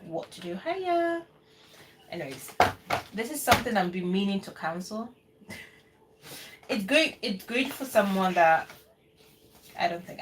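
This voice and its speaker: A woman hosting a casual live cooking stream from her home kitchen in the UK, chatting loosely and rambling while she answers viewers. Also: mid-range voice. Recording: distant mic with noticeable background noise.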